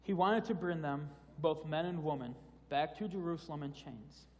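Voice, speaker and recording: A man's voice: a little high, normal speed. A man preaching a sermon in a casual, conversational way, often restarting phrases and repeating words. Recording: long hall reverb.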